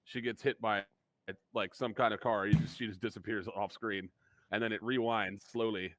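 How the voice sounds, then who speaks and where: A man's voice: lowish voice, steady tone, moderate pace, background noise. A man co-hosting a podcast, rambling loosely and swearing in casual chat. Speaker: podcast co-host.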